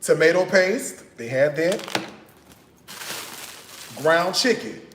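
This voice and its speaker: A man's voice: a little high, lively intonation, takes it slowly, a bit bright. A man hosting a cooking channel, chatting playfully through his grocery haul and often checking in with "okay?". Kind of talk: casual grocery haul chat. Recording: echoey room with faint noise.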